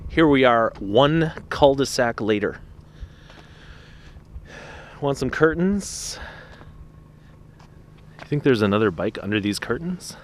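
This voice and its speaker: Man, casual vlog, slow unhurried delivery, chatty and excitable, outdoors at night, faint street noise. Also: mid-range voice. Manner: chatty, excitable, talks to the camera. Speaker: trash picking vlogger. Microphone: small camera-mounted mic.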